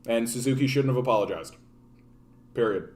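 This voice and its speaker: A man's voice: mid-range voice, fairly quick. A man from Canada hosting a political livestream, ranting casually with profanity and many restarts. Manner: profane, animated, repeats and restarts words.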